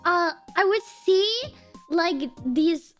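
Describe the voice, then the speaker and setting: A woman's voice: very high-pitched, slow pace, faint music behind. A young woman chatting casually on a stream, giggly and talkative, often mimicking her friend. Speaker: streamer guest.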